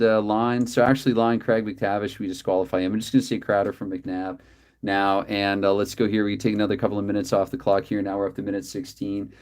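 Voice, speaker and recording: Man, tabletop hockey play-by-play, chatty, self-correcting, apologetic asides, medium pitch, at home desk. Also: darkish tone. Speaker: tabletop hockey game host. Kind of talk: play-by-play commentary of a dice hockey game.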